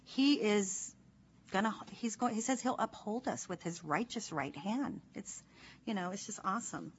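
A woman's voice: medium pitch, normal speed. A woman leading a Bible study in an earnest, chatty way, with many fillers as she talks. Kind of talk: informal devotional teaching. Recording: slightly dull recording with faint noise.

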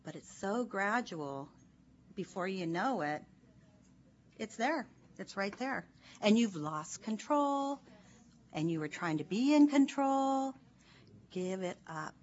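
A woman's voice: mid-range voice, animated, slow pace, pauses often. A woman leading a Bible study in an earnest, chatty way, with many fillers as she talks. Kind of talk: informal devotional teaching. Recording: slightly dull recording with faint noise.

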